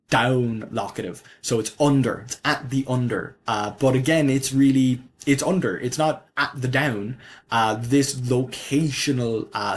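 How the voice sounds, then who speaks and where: A man explaining his invented language in a casual walkthrough of his screen, thinking aloud with fillers and self-corrections as he goes. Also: medium pitch. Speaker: conlang creator presenting his language.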